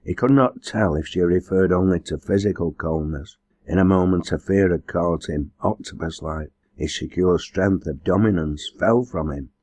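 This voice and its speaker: A man reading a novel aloud as an audiobook narrator, in a measured, earnest way. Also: sits low, darkish tone, no room sound. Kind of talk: scripted narration.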